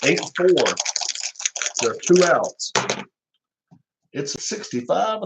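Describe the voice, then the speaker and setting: A man's voice: a little high, very animated, takes it slowly, gravelly, background noise. A man with a Southern American accent, casually calling the plays of a tabletop baseball replay, rambling and chuckling often at himself. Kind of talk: casual play-by-play chat.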